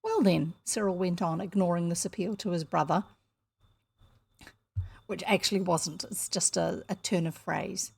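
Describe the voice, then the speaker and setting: A woman's voice: fairly low pitch, fairly even intonation, normal speed, vocal fry, long pauses, darkish tone, breathy edge. A woman from New Zealand with a New Zealand accent, reading a children's novel aloud with chatty asides. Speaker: audiobook reader.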